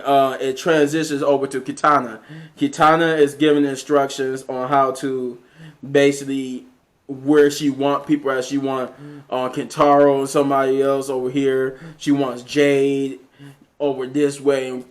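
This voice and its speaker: A man's voice: medium pitch, little pitch movement, moderate pace. A man casually recapping a movie scene by scene, rambling with many fillers and restarts. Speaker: movie reviewer.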